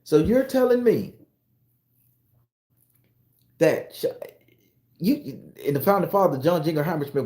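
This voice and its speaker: A man telling an animated, profane story as a monologue, acting out the voices of the people in it and jumping into high, excited tones. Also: normal speed, pauses often, reverberant. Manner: acts out voices in his story, swings into high excited pitch. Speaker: commentator on social media channel.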